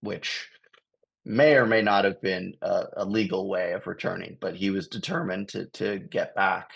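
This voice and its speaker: A man's voice: deep voice, steady tone, moderate pace, gravelly, fairly bright tone, slightly rough. An American man from Los Angeles, a touring comedian, telling a rambling story on a video call, chuckling often. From Los Angeles, USA. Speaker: guest, touring improv comedian. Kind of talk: casual storytelling.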